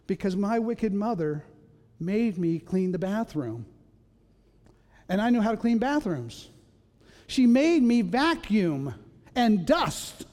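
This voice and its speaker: Casting note: high-pitched male pastor, playful storyteller who acts out voices, long church echo. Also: a little mellow. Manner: storytelling, acts out voices, self-mocking humor. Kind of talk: sermon. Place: church sanctuary. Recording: long reverb of a large hall.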